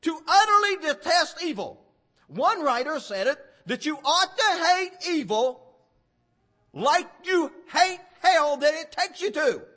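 A preacher man delivers a fervent sermon and hits certain words with sudden loud force. His voice sits very high with a bright edge, and his pitch swoops widely from phrase to phrase. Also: sing-song, unhurried.

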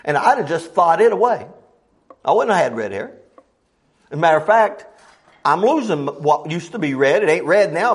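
Middle-aged preacher guy, folksy sermon, high voice that swoops all over. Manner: folksy, swooping from loud highs to low murmurs; quotes scripture in old wording.

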